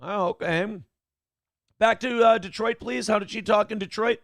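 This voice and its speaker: A man's voice: sits high, moderate pace, gravelly, a loud crowd, heavy background noise. A male morning show host giving sarcastic, crude commentary and reading viewer chat aloud. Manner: crude, sarcastic, swears freely. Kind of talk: casual live-stream commentary.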